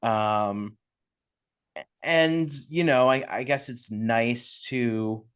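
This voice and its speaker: A man's voice: medium pitch, drawn-out words, fairly bright tone, smooth. A man co-hosting a podcast, giving hesitant, filler-heavy opinions on a film with a wry edge. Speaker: podcast co-host. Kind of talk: casual film discussion.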